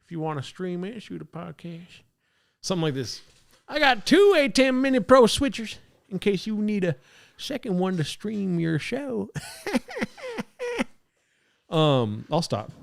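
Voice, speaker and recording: A man voicing a cocky, flirty Southern-accented barfly with a smooth drawl, chuckling through smarmy pickup lines. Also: high voice, very animated, measured pace, long pauses, heavily acted. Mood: smarmy flirting. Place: home apartment studio.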